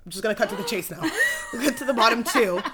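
A woman in her thirties telling a story in casual chat, laughing often and acting out other people's lines with big jumps in pitch. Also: very fast, noisy background. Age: 30s. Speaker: podcast guest telling a story.

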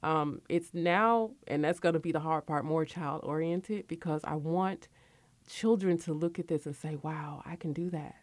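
A woman's voice: moderate pace, no room sound. A woman in her forties hosting a radio talk show, chatting candidly and openly about her life and work. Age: 40s. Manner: chatty and candid, lively with sudden high bursts. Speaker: radio host.

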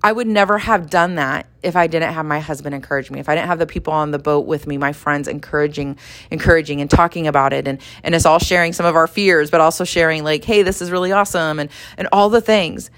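A woman's voice: deep voice, fast talker. Chatty woman teaching faith. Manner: conversational, animated, acts out dialogue, laughs often. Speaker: podcast host and Bible teacher. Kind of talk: devotional teaching.

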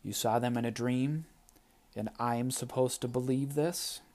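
A man reading an audiobook, voicing a proud, weary male sky god who speaks in a measured, accusing way. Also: mid-range voice, steady tone, darkish tone, close to an everyday voice. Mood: skeptical.

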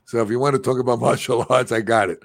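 A man's voice: medium pitch, fairly even intonation, fast, creaky. A man hosting a talk show and running a clinic, rambling and boastful in casual talk. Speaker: host and clinic owner.

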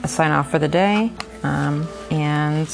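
Low-voiced woman reading aloud. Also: slow, vocal fry, background noise. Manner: chatty asides with frequent fillers. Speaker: podcast reader and commentator. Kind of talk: reading a novel aloud with casual commentary. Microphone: recording app.

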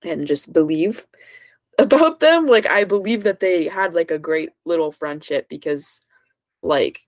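A woman's voice: on the low side, animated, a little slow, no echo. A woman co-hosting a podcast, from California, chatting casually and filling her talk with "like.". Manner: chatty, heavy use of "like". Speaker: podcast co-host. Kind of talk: casual chat.

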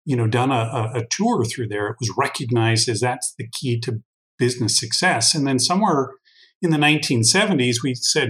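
A man speaking as an interview guest, his voice sitting in an ordinary middle register. He works through his points slowly and at length, repeating words and dropping in fillers as he thinks aloud. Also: medium pitch, a bit bright, rough recording. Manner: thoughtful, long-winded, many restarts and fillers. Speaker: guest expert on workforce intelligence. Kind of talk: conversational interview answer.

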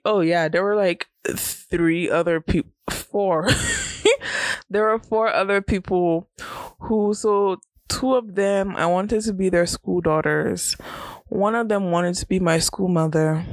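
A woman's voice: lowish voice, no echo. A young woman, hosting a podcast and telling a story in a chatty, casual way, laughing often. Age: young adult. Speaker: podcast host.

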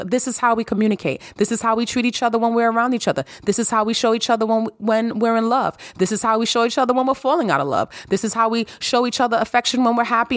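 A woman's voice: a little high, no echo, studio quality. A woman hosting a solo podcast, talking emphatically and preaching, repeating phrases for effect. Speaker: podcast host.

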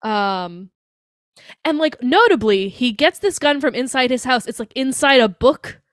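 Woman, podcast co-host, high-pitched, dry close sound, animated casual recap, laughs often. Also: measured pace, dry recording. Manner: animated, laughing, swearing, lots of "like". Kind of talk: casual movie recap chat.

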